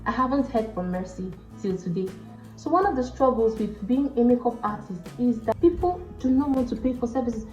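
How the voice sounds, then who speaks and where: A young woman with a Nigerian accent tells stories from her work as a makeup artist, lively and full of character voices. Her voice sits mellow and warm, recorded in a roomy space with a slightly dull sound. Soft music plays faintly behind her. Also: on the high side, fairly quick. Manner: animated, acts out the people in her stories. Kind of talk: storytelling chat to camera.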